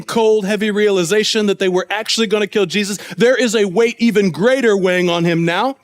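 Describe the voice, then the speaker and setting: A man preaching a sermon in a church, telling the story and acting out the quoted voices, dropping low and quiet for solemn points.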